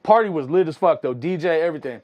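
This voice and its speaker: A young man talks very quickly with a somewhat high voice, telling wild stories in loose, slangy chat. He keeps tossing in "you know what I'm saying" and keeps the energy high, speaking as a music producer guest on an interview. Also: expressive, dull audio. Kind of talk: casual storytelling.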